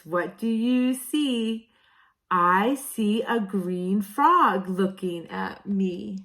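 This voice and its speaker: Lady teacher doing storytime for little kids, super slow and singsongy, voice bouncing all over. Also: medium pitch, expressive, fairly bright tone. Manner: slow, sing-song, exaggerated storybook delivery with playful asides. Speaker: kindergarten teacher. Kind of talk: reading picture books aloud to young children.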